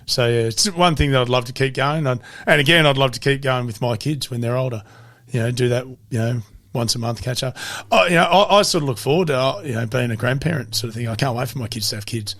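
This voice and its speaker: A man's voice: mid-range voice, fast, fairly bright tone, dry recording. A middle-aged man with an Australian accent, an interview guest casually telling family stories, swearing freely and acting out what his family said. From country Victoria, Australia. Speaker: interview guest, amateur boxer. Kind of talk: casual storytelling.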